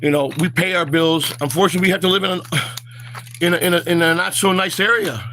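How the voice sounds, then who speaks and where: A man's voice: sits high, fairly even intonation, fast talker, bright, forceful tone, slight background noise. A man hosting a walk-and-talk vlog outdoors, rambling with lots of fillers and stammered repeats, recorded on a handheld phone. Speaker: vlog host.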